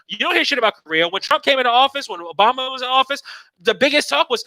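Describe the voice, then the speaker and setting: A man rants casually, swearing freely and mocking people in put-on voices. His voice sits high and bright. The sound is dry and close, with no room echo. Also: quick pace. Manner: profane, animated, mocks others in put-on voices. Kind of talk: casual political rant.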